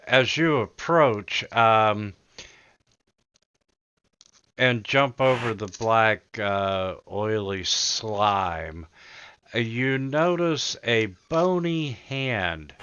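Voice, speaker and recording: A man narrating a tabletop game as game master in a halting way, full of fillers. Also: fairly low pitch, bright, forceful tone, smooth. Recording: dull lo-fi recording.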